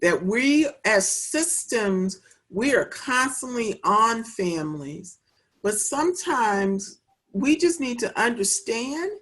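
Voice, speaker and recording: A woman who manages child welfare work, guest in a conversational interview, speaking in a measured, earnest way and repeating phrases for emphasis. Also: medium pitch, a bit bright.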